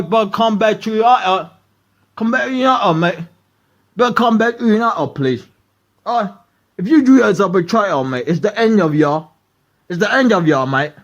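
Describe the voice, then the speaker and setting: A man voicing an excitable British football fan who pleads and shouts, close to tears. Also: sits high. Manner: pleading, shouting, near-crying. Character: shrill frantic male British football fan.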